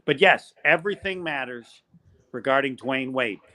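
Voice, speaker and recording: An older man, a college basketball play-by-play announcer, telling animated stories as a podcast guest. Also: mid-range voice, normal speed. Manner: animated storyteller, acts out quoted voices. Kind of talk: storytelling in a podcast interview.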